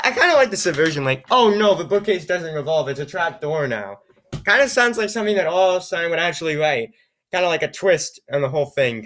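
A man's voice: a little high, a bit bright. A man reading an AI-written story aloud and breaking off for wry, amused comic asides. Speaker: reader and commentator.

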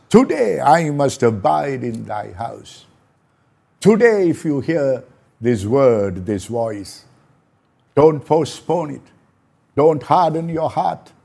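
A man preaching a slow, prayerful sermon, repeating phrases for emphasis. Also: medium pitch, vocal fry, warm tone, slightly rough. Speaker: pastor.

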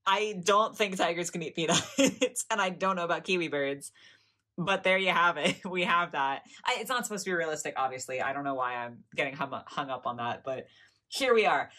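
A woman's voice: lowish voice, fairly quick, sharp tone. A young American woman chatting through a casual toy unboxing, gushing and giggly as she talks. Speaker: doll collector vlogger.

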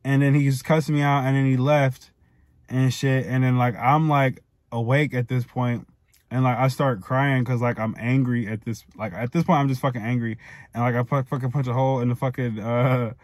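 Man, twenties, casual storytime, angry rambling with fillers, mid pitch, dry sound. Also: steady tone, moderate pace, no echo. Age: 20s. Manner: heated, profane, rambling with many fillers. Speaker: storytime vlogger.

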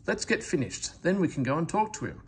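A man's voice: on the high side, very animated, fairly quick, a little hiss or hum, voice pushed up. A man voicing a friendly, cheerful engine driver in a read-aloud storybook. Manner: cheerful, explaining.

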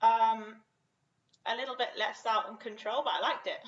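A woman's voice: a little high, fairly even intonation, normal speed, muffled recording. A young woman, a violin student, giving brief, hesitant answers with fillers over a video call. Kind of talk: answering in a masterclass.

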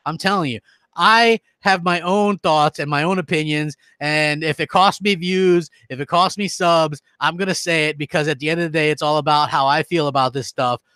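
A man's voice: fairly high pitch, fairly even intonation, normal speed, sharp tone, clear, resonant tone, no room sound. A man hosting a gaming stream who rants heatedly and reads out viewer comments. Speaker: gaming channel host. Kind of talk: live-stream rant.

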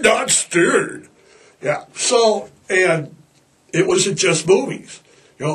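A man's voice: fairly high pitch, a bit bright. A middle-aged man hosting a podcast in casual, rambling chat, slipping into playful put-on voices. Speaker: podcast host.

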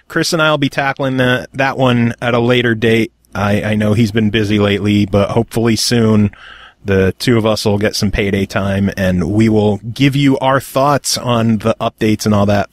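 A man's voice: on the low side, no room sound, clean studio sound. A man hosting a casual gaming podcast, joking and swearing freely as he talks. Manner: joking, profane, animated. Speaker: podcast host. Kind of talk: casual chat.

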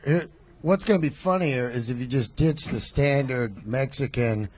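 A man's voice: mid-range voice, moderate pace, darkish tone, slightly rough. A man on a live comedy panel, wisecracking and blunt as he gives a young comic advice.

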